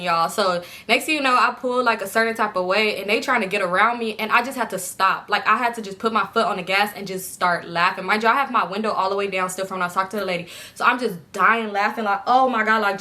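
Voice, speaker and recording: A young woman tells her viewers a rambling storytime, full of slang and giggles. Her voice sits a little high and rings bright and forward. She keeps it loose and conversational, addressing the audience as y'all. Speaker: vlogger telling a storytime.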